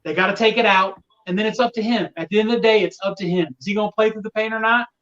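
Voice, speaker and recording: High-voiced man venting, distant muffled mic. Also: very fast, a bit bright. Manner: exasperated, venting about fickle fans. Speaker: podcast guest, Colts fan. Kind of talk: casual sports podcast talk.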